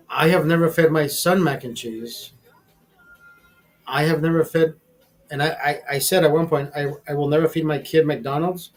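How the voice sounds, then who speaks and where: Host, fifties, high voice, profane and rambling, faint music underneath. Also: male voice. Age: 50s. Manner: rambling, repeats words, swears freely. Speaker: show host. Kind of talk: casual profane storytelling. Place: streaming studio.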